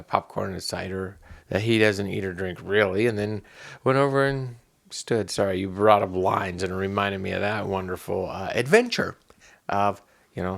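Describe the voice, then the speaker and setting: Guy with a gravelly voice, casual podcast chat, keeps restarting himself and laughing, gets animated acting scenes out. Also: on the low side. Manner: rambling storyteller, restarts often, laughs mid-sentence. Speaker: podcast co-host.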